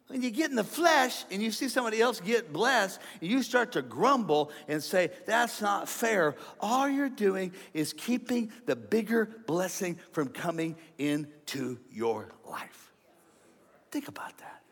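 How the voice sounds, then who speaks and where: A middle-aged man preaching a comedic sermon, animated, joking and acting out the voices of his listeners. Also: high-pitched. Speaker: pastor. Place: large church hall. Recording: sermon in a reverberant church.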